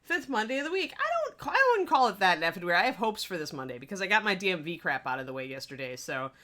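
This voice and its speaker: A woman's voice: on the low side, very animated, very fast, pushed and bright. A woman hosting a casual live stream, bubbly and chatty, laughing often. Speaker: host of a miniature painting stream.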